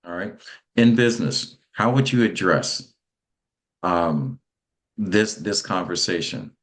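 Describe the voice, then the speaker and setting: Man, interview host, very deep voice, halting rambling speech. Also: animated. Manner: rambling, searching for words with many fillers and restarts. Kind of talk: interview questions.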